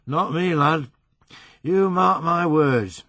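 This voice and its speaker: Man voicing a fat drunk Yorkshireman, West Riding accent, blunt, loud, raised pitch, dry storybook reading. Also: slow pace, no echo, heavily acted. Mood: blunt drunken.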